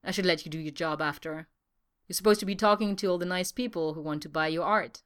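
A gentle, wry man, read by a woman, soft-spoken and fond with a trace of exasperation. The tone is smooth, clear and slightly low. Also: fast talker, lightly acted.

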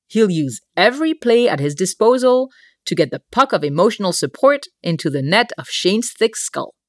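Low-voiced woman narrating wryly. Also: no echo, clean studio sound. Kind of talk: audiobook narration of a comic story.

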